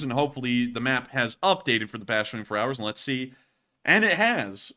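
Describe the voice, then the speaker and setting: A man's voice: on the high side, bright, forceful tone. A man hosting a casual war news commentary, talking straight to his viewers in an informal, joking way. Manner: chatty, joking, laughs at the footage; addresses viewers directly and informally.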